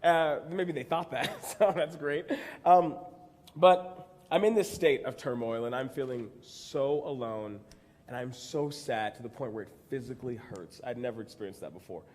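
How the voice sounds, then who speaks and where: A young man giving a conference talk, telling a personal story in an animated, self-mocking way and acting out his own quotes. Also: medium pitch, moderate pace. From Texas. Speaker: conference speaker. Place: large convention hall. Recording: reverberant hall.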